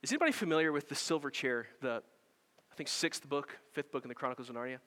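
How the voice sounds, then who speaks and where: Bright-voiced preacher in a reverberant church. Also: male voice, mid-range voice, quick pace. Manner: animated storytelling with self-corrections and emphatic build-ups. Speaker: pastor. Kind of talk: sermon.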